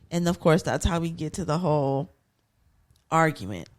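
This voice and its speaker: A woman's voice: fairly low pitch, animated, moderate pace. A woman, telling the story of a reality show episode to her co-hosts. She talks in a loose, chatty way, slips into playful voices for the people she quotes, and keeps the story moving with asides. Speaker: podcast co-host. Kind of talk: casual recap storytelling.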